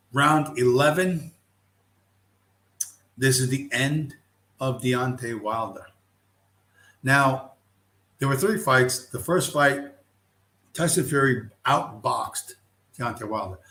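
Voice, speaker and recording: In an echoey room, a middle-aged man hosting a casual livestream rants heatedly and bluntly, swearing heavily. His voice is mid-range and a bit bright.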